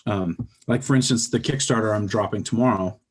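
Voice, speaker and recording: A man talking as a podcast guest about his comics, in rambling, animated storytelling with many fillers. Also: fairly low pitch, a little fast, husky. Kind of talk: casual chat.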